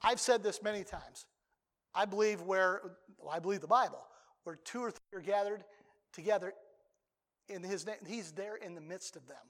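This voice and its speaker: An older man preaching a sermon as a pastor, talking conversationally and breaking into sudden loud outbursts. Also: high voice, normal speed, big-room sound.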